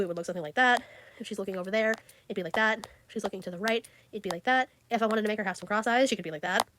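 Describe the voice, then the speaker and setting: A woman's voice: medium pitch, fairly bright tone, dry recording. A teenage girl chatting casually about her drawings, giggly and full of fillers. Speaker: art vlogger. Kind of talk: casual chat.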